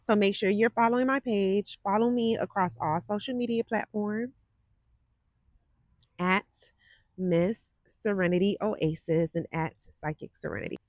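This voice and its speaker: Speaking at a moderate pace in a mid-range voice, a woman in her forties runs a psychic livestream with casual, chatty sass aimed directly at her viewers. She uses a desk microphone, and there's no room sound.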